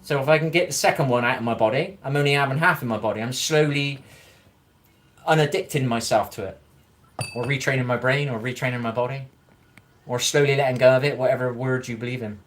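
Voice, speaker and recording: A man's voice: medium pitch, fast talker. A man chatting casually on a livestream, answering viewer comments in a rambling, frank way, swearing freely and encouraging his viewers.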